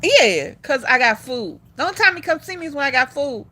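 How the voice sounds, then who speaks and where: A woman's voice: high-pitched, big pitch swings, fairly quick, sharp tone, slight background noise. A woman hosting a casual livestream, chatting with her viewers and calling them y'all. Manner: sing-song coaxing to her dog. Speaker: livestream host.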